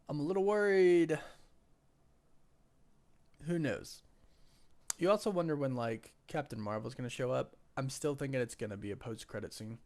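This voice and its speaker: A man's voice: medium pitch, a little fast. A man hosting a casual live stream from home on a desk microphone, with a weak voice today, chatting and greeting viewers by name. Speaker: livestream host.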